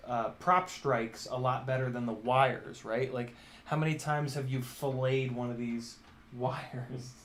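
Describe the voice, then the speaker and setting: A man's voice: mid-range voice, fairly even intonation, measured pace, slight background noise. A man chatting casually on a live Q&A stream, laughing often, swearing and scolding his cat. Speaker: drone streamer. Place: home room with glass doors.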